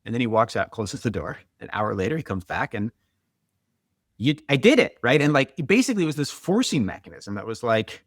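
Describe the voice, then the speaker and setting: A middle-aged man, a guest author and marathoner, telling stories in a quick, animated, conversational way, full of "like" and "right?". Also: mid-range voice, no room sound, studio quality. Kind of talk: conversational storytelling.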